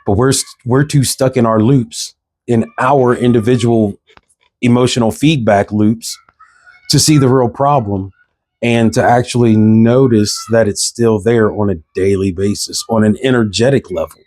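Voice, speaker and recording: A man delivers a fervent spiritual monologue, circling back to the same lines and firing off rhetorical questions. His tone is dark and mellow. The recording is close and dry, with no room sound. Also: mid-range voice, moderate pace, no echo. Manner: impassioned, preachy, repeats phrases, asks rhetorical questions. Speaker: vlogger. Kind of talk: passionate spiritual monologue to camera.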